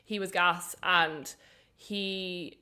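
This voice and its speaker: A woman's voice: on the low side, fairly even intonation, extremely slow, bright, forceful tone. A young English woman co-hosting a podcast, telling a travel story in a chatty way, swearing casually and laughing often. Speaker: podcast co-host.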